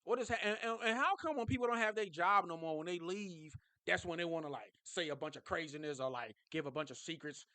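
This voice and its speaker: Man, fan vlogger, excitable, swings from mumbles to shouts, dry sound. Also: a little high, a little fast, hardly any pauses, clean tone, no room sound. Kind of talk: casual fan commentary.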